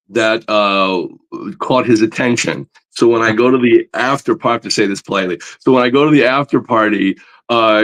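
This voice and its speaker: Guest artist, excitable and chatty, average pitch. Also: male voice. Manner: enthusiastic, animated, many fillers. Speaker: guest, comic book artist. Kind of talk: casual interview storytelling.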